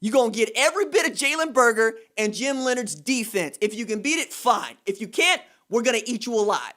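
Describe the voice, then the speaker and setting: Animated man ranting as podcast host. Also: very high voice, brisk. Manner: animated, emphatic trash talk in casual slang. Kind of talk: solo sports podcast rant.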